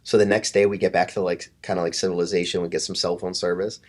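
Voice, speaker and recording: A man's voice: low voice, quick pace. A man in his thirties, a podcast guest, telling casual stories with lots of swearing and acted-out quotes. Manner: animated, swears often, acts out quotes. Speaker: podcast guest, fitness coach. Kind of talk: casual storytelling.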